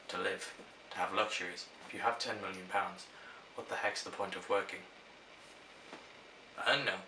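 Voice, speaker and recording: A man's voice: deep voice, pushed and bright, a little hiss or hum. Rambling young man in an echoey room. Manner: rambling, storytelling, self-interrupting. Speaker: vlogger answering question prompts. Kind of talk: casual to-camera chat. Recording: echoey room, mic at a distance.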